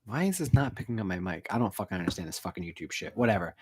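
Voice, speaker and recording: Woman with a deep voice swinging all over the place, swearing mad in a postgame rant. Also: sing-song, racing, a little mellow, breathy edge. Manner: angry, profane and emotional. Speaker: sports fan vlogger. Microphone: home recording setup.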